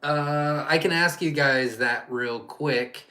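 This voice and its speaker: A man's voice: a little high, slow pace, bright, forceful tone. A man hosting a casual live-stream Q&A as a quail farm owner, chatty and rambling, reading viewer questions aloud and answering off the cuff.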